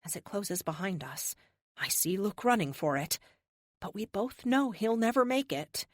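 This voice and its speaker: A woman narrating a first-person action audiobook with dramatic, expressive delivery on a close studio mic. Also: medium pitch, normal speed, dry recording.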